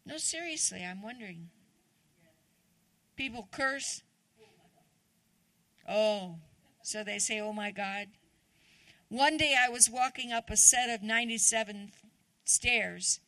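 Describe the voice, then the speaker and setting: Woman guest preacher, conversational sermon, gravelly voice, questions for the congregation, dry sound. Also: a little high, expressive, takes it slowly, long pauses, bright, forceful tone, dry recording. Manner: chatty, asks the congregation questions.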